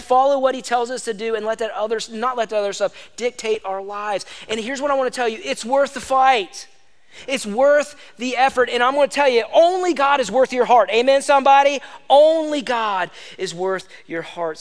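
A man preaching a sermon as pastor, emphatic and exhorting, repeating lines for stress. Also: extremely high pitch. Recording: long hall reverb.

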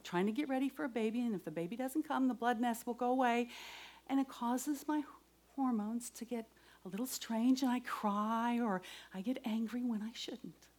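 A middle-aged woman giving a devotional talk and personal testimony, earnest, moving between raised voice and soft whispers. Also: fairly high pitch, animated, moderate pace. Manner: earnest, shifts from loud to whispered.

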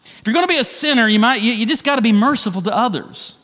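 A middle-aged man preaching a sermon as pastor, conversational and animated, with self-deprecating asides. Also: very high voice, fast, big-room sound. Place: church sanctuary.

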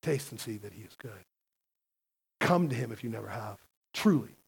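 A man's voice: medium pitch, expressive, normal speed, vocal fry, slightly rough. A man preaching a sermon as a pastor, emphatic and conversational, often asking the congregation questions.

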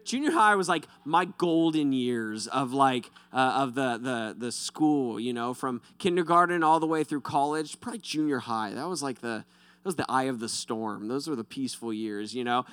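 A young man preaching a sermon, telling animated, self-deprecating stories. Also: medium pitch, normal speed, clean tone. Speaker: pastor.

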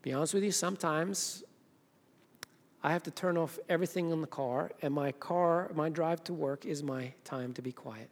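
A man preaching a sermon, moving between emphatic urging and hushed, intimate softness. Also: a little high, moderate pace. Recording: long hall reverb.

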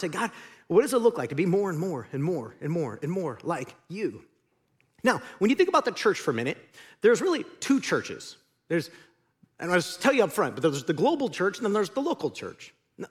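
A man's voice: high-pitched, breathy edge. A man preaching a sermon as the pastor, conversational and joking, speaking in a large church auditorium.

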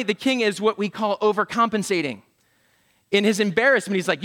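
A man's voice: sits high, animated, normal speed, long pauses, a bit bright. A man preaching a sermon to a congregation, telling the story with humor, jokey asides and acted-out voices. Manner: humorous, self-deprecating asides. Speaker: pastor.

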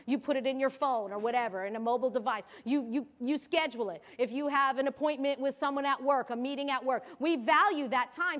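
A woman's voice: sits high, fairly bright tone. A middle-aged woman pastor preaching a sermon, emphatic and repetitive as she urges her listeners.

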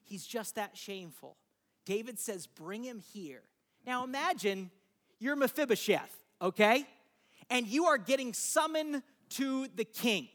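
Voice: mid-range voice, lively intonation, a little slow, fairly bright tone. A preacher giving a sermon in a casual, conversational storytelling way, turning to listeners with asides.

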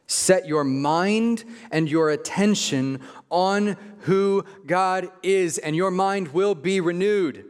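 A man preaching a sermon in a conversational, emphatic way, slowing down on key phrases. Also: sits high, smooth. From Midwest. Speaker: pastor. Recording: long hall reverb.

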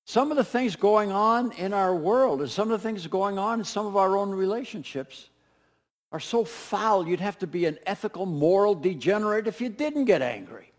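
A man's voice: high-pitched, lively intonation, moderate pace. A male pastor delivering a sermon in a conversational way, talking straight to the people in front of him and repeating lines to drive a point home. His voice rises and falls widely, full of swings. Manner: conversational, speaks straight to the congregation with repetition.

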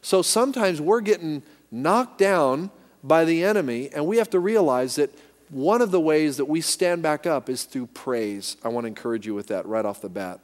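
In an echoing hall, a man with a higher-pitched, expressive voice delivers an emphatic sermon at normal speed. As pastor, he has the congregation repeat his lines back to him.

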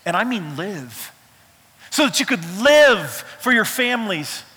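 Man, pastor, emphatic conversational sermon, high and ringing voice, long hall reverb. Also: sing-song, unhurried, bright, forceful tone, breathy edge. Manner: emphatic, conversational preaching with humor.

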